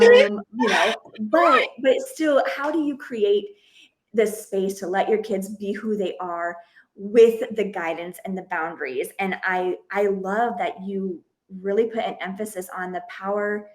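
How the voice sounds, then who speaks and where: A woman hosting a parenting podcast, talking in a lively conversational way and acting out bits of family dialogue as she tells stories. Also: mid-range voice, unhurried. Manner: animated storytelling, acts out family dialogue. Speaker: podcast host and parenting coach.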